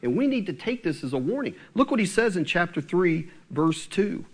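Man, slightly high voice, preacher, conversational sermon, questions to the listeners, slow solemn scripture reading. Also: sing-song. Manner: drops to a low, slow tone for scripture.

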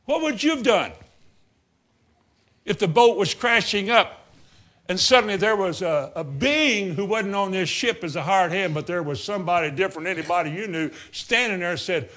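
Dramatic preacher man, higher voice. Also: expressive, moderate pace. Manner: dramatic, swings from loud outbursts to low murmurs; acts out Bible scenes in character voices. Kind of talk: sermon.

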